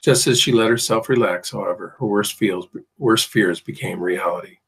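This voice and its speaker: A man reads a novel aloud in a low, husky voice. His narration stays steady and measured, with an occasional slip and restart. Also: low-quality recording. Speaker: audiobook reader. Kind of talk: audiobook narration.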